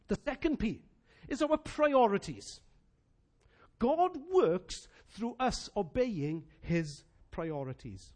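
A pastor preaching from the pulpit, his voice pitched high for a man. He swings widely up and down as he drives points home. He mixes personal stories into his preaching. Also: unhurried. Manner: animated, preacherly emphasis with anecdotes. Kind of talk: sermon.

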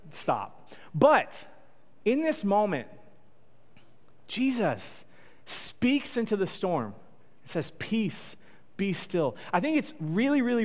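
A man preaching a sermon in a conversational, joking storytelling way. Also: fairly high pitch. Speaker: pastor. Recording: long echo of a large hall.

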